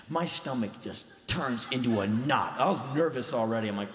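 A man's voice: on the low side, expressive, normal speed. A man telling a story live on stage, intense and emphatic, acting out the dialogue. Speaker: spoken word performer. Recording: reverberant live hall recording.

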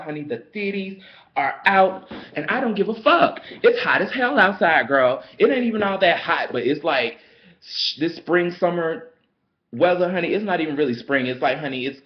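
A male vlogger with a fairly high-pitched voice delivers a casual storytime rant, sassy and dramatic, calling the listener "girl" and "honey." The audio has its highs cut off.

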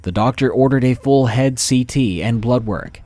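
A man reading a first-person horror story in a measured, dramatic narration style. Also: medium pitch, warm tone, no room sound.

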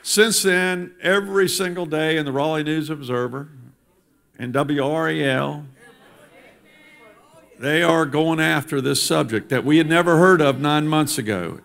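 A man's voice: on the high side, moderate pace, creaky, fairly bright tone. A politician addressing a church congregation, speaking emphatically and building his points through repetition. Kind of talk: speech to a congregation. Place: church sanctuary.

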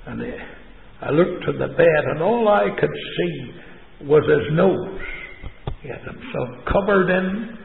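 A man's voice: on the high side, animated, unhurried, gravelly, a little hiss or hum. An older man with a Northern Irish accent, preaching a sermon and telling homely stories from his ministry. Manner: storytelling with homely anecdotes. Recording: echoey hall over a tinny phone-like line.

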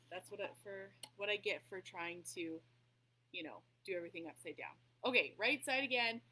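A woman's voice: mid-range voice, fairly bright tone, breathy edge, poor audio. A woman hosting a casual craft tutorial at her table, chatting as she paints and often apologizing for her slips. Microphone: table mic that cuts out.

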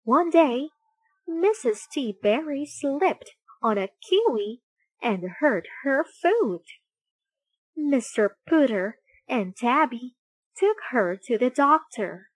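Woman reading a kids picture book aloud, super slow, lots of ups and downs, kinda high, dry close sound. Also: dry recording, rough recording. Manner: slow, expressive, deliberate. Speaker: storybook reader.

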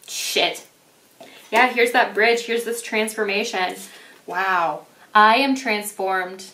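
Gushing tarot reader in an echoey room. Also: female voice, mid-range voice, steady tone, unhurried, fairly bright tone, far from the mic, a little hiss or hum. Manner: gushing, emphatic, swears casually. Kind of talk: casual tarot reading to viewers. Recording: echoey room, voice a bit off-mic.

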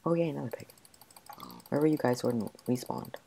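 A man narrating his own gameplay in a frantic rush, muttering orders to himself. His voice is mellow and soft-edged, with a faint hiss of noise behind it. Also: medium pitch, fairly quick, vocal fry, pauses often. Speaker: gamer. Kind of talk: gameplay commentary.

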